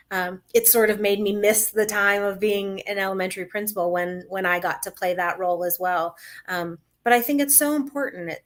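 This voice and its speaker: Middle-aged woman, ex-principal guest, earnest conversational storyteller. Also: medium pitch. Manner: earnest, storytelling, with small laughs. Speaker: podcast guest, former principal. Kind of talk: casual interview answer.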